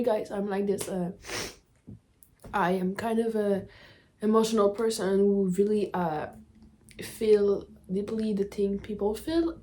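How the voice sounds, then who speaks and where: Young woman chatting in a halting, apologetic way. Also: medium pitch, mellow. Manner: halting, searching for words, apologetic. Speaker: reaction video host. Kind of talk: emotional reaction vlog chat.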